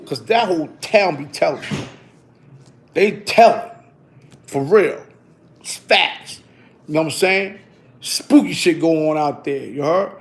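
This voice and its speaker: A man's voice: high-pitched, lively intonation, a little slow, creaky, pauses often. A middle-aged man telling a story in casual street slang, tagging lines with "you heard?". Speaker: vlogger.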